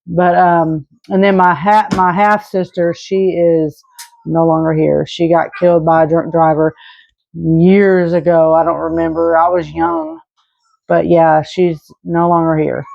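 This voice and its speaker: A woman's voice: low voice, level tone, measured pace, creaky, dry recording, highs cut off. A woman in her thirties from Arkansas, answering viewer questions in an earnest, rambling, casual way. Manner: earnest and rambling, with many restarts and fillers. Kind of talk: casual Q&A chat.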